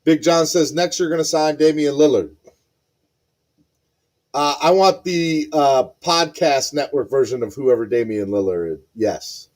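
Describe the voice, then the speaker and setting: A man hosting a live podcast stream, excitedly reading out chat messages and repeating himself. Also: fairly high pitch, unhurried. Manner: excitable, repeats phrases, reads chat aloud. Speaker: podcast host.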